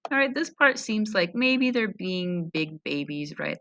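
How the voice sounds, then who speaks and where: Woman teacher, read-aloud lesson, bright tone, lowish pitch, friendly rhetorical questions. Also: animated, normal speed. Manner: friendly, asks rhetorical questions, reads then comments.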